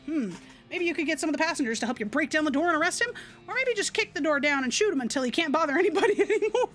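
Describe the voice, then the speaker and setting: High-voiced fast-talking woman streaming a game, reading the text out, bit of music behind. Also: sing-song, fairly bright tone. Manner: chatty, reads game text quickly. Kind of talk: live game playthrough, reading aloud.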